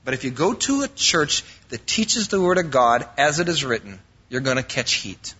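Male pastor, sermon delivery, bright and forceful, fillers and restarts, dull lo-fi recording. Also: mid-range voice, sing-song, moderate pace, husky. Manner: preaching with fillers and restarts, quoting scripture.

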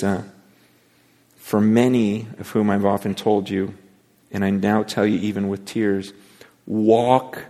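Man preaching in a reverberant hall. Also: mid-range voice. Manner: swings between hushed intensity and raised pleading. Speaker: pastor. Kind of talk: sermon.

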